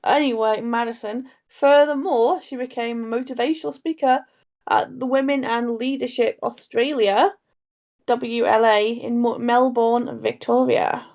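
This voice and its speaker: Creaky-voiced woman podcaster. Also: fairly high pitch, fairly even intonation, measured pace, a little mellow. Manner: rambling, self-interrupting storyteller. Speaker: podcast co-host. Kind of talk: casual true crime podcast chat.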